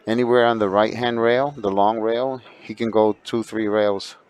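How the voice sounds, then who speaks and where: A man's voice: fairly low pitch, steady tone, normal speed, darkish tone, a little hiss or hum. A man giving explanatory color commentary on a billiards match, breaking down shots.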